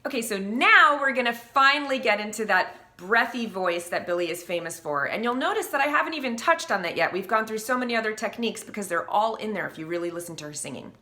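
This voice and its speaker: A woman vocal coach leading a singing warm-up, explaining exercises and singing the vocal lines herself, with a slight morning croak in her voice. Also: mid-range voice, animated, fast, hardly any pauses. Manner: demonstrating sung vocal exercises between spoken instructions.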